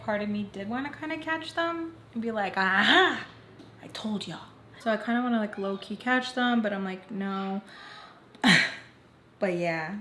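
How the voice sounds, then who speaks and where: A woman tells her viewers a personal story in a chatty, dramatic vlog style. Her voice sits in a middle pitch, recorded in an echoey room. A faint hiss of noise is heard behind her. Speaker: storytime vlogger. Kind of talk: casual storytime chat.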